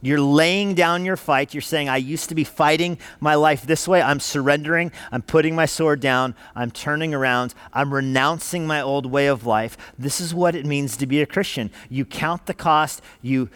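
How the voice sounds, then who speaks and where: A man's voice: fairly high pitch, normal speed, few pauses, a bit bright, smooth, no room sound. Emphatic male preacher, dry close sound. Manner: earnest, emphatic, punchy repeated short phrases. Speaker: pastor. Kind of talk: sermon. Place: church sanctuary.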